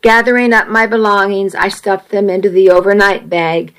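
A woman reading a first-person romance story aloud in a steady, measured way. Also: medium pitch, smooth, poor audio.

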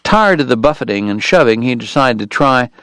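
A man narrating a western novel in a measured, even storytelling manner. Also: mid-range voice, no echo. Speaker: audiobook narrator. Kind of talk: scripted narration.

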